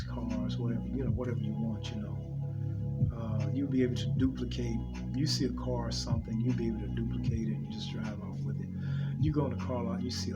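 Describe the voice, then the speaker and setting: A man, talking loosely about his dream visions, repeating himself often and restarting his sentences. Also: mid-range voice. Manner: rambling, repeats himself, many restarts and fillers. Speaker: preacher sharing dream visions. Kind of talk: unscripted religious talk. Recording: dull lo-fi audio with loud music underneath.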